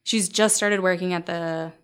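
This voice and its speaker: A woman's voice: lowish voice, fairly even intonation, normal speed, a bit bright, smooth. A woman podcast host recapping a sitcom episode in casual, chatty talk full of fillers. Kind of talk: casual chat.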